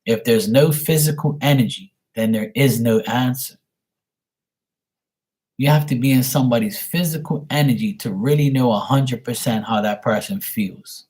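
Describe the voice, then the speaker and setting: A man in his forties chatting casually as a stream host, rambling through stories with plenty of swearing. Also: mid-range voice. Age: 40s. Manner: rambling, profane, storytelling. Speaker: stream host answering paid questions. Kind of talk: casual chat.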